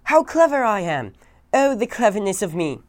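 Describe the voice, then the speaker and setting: A woman's voice: lowish voice, sing-song, unhurried, a little mellow. A woman voicing a cocky, boastful young boy in a storybook reading. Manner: boastful, defiant.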